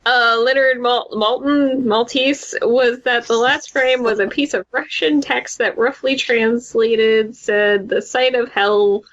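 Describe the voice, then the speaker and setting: A woman on a podcast reading a story aloud in casual group chat, amused and a little halting. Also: fairly high pitch, fairly even intonation, fairly bright tone, lo-fi sound. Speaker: podcast co-host.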